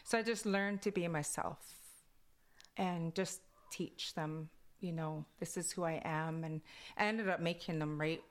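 A woman's voice: low voice, a little slow. A young woman from Alert Bay with a Kwakwala-influenced English accent, telling stories casually and laughing often. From Alert Bay, Canada. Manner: laughing, animated retellings with filler words. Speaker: interviewee, Kwakwala speaker. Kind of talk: casual storytelling interview.

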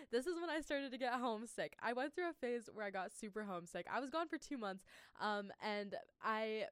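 A woman's voice: fairly high pitch, lively intonation, moderate pace, clean tone, no echo, clean studio sound. A young woman hosting a casual college radio show, chatty and bubbly with lots of ums. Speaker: radio host. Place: radio studio.

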